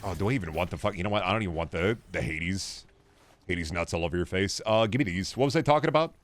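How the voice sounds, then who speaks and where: A young man with a fairly low voice keeps up casual commentary while he plays a video game on stream. He rambles between thoughts, swears freely and answers his viewers as he goes. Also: expressive, fast talker. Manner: rambling, profane, chatting with viewers while playing.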